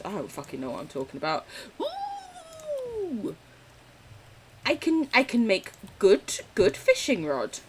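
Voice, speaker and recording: A young woman streaming a game, chatting casually and rambling, swearing freely with sudden squeals. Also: medium pitch. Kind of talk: casual chat while gaming on stream.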